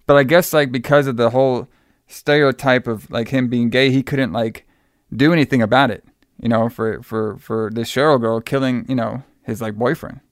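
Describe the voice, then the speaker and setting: Man co-host, casual movie recap, rambling and profane, smooth resonant voice, dry close sound. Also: mid-range voice, fairly even intonation, moderate pace, no room sound. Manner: rambling, filler-heavy retelling with frequent swearing. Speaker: podcast co-host recapping a film. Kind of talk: casual chat.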